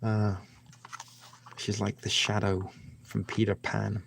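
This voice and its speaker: Gravelly-voiced man rambling on a live stream. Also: on the low side, monotone, slow pace, fairly bright tone, a little hiss or hum. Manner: rambling, chatty, addresses viewers by name. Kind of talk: casual live-stream chat.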